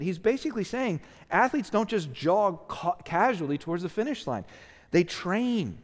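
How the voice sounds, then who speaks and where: A man's voice: high-pitched, big pitch swings, normal speed. A male pastor preaching a sermon, earnest and emphatic, tired and often asking "right?". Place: church sanctuary. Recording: long reverb of a church hall.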